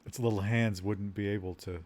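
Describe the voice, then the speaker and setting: A man's voice: on the low side, fairly even intonation, fairly quick, a little mellow. A man co-hosting a text adventure stream, chatting casually and easygoing as he types in story prompts. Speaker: co-host typing into a text adventure game. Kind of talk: casual game chat.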